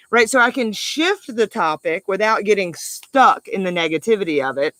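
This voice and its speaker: A middle-aged woman life coach giving an upbeat, animated motivational talk to the camera, with emphatic delivery and frequent laughs. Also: mid-range voice, moderate pace, dry recording.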